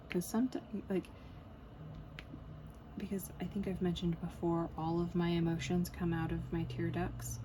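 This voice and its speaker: Working on a diamond painting at home, this woman, a crafting vlogger, chats in a loose, rambling way, dropping in lots of fillers and small laughs. Her pitch sits fairly low, and the background is noisy.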